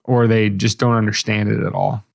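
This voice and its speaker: A man's voice: fairly low pitch, little pitch movement, moderate pace, vocal fry, no echo. A man co-hosting a podcast, talking in a laid-back, dry way. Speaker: podcast co-host. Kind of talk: casual chat.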